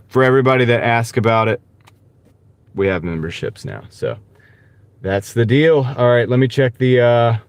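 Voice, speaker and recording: A man hosting a casual live stream, talking in a halting, rambling way with many fillers and greeting viewers by name. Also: medium pitch, clean tone, no echo. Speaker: gig-driving livestream host. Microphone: wireless clip-on mic.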